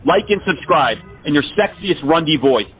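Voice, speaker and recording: High-voiced man ranting over a tinny phone line. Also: lively intonation, moderate pace, soft background music. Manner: rambling, exaggerated complaints. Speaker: scambaiter prank caller. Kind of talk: absurd prank phone call.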